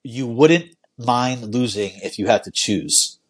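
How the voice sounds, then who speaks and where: A man hosting a casual podcast, easygoing and quick to laugh, often restarting his sentences. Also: mid-range voice, breathy edge. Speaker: podcast host.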